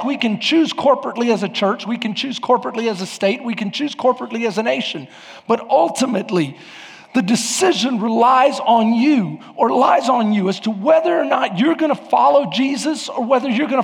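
Man, pastor, sermon, lively swooping pitch, gravelly, emphatic shouts. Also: big-room sound. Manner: preaching with emphatic rises and sudden shouts. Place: church sanctuary.

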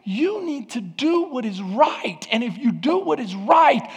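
A man's voice: extremely high pitch, big pitch swings, unhurried, breathy edge. A man preaching a sermon as pastor, fervent and emphatic. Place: church sanctuary. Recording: long hall reverb.

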